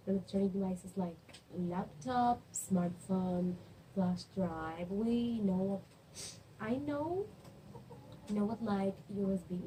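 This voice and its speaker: Slow, hesitant young woman student. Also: medium pitch, warm tone, slight background noise, rough recording. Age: young adult. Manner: halting, searching for words, with frequent restarts. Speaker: student presenter. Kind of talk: spoken class review.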